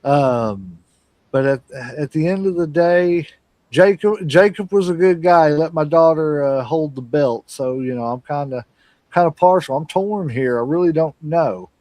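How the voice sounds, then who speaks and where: A man's voice: fairly high pitch, normal speed, a little mellow, no room sound. A man hosting a casual wrestling podcast, easygoing and rambling, chatting and laughing with his co-hosts. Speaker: podcast host. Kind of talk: casual chat.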